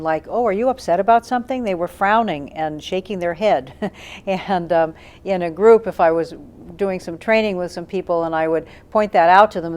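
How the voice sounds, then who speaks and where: Low-voiced woman explaining thoughtfully. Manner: thoughtful, demonstrates questions with tone shifts, frequent um and uh fillers. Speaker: communication trainer. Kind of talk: explanatory talk to camera.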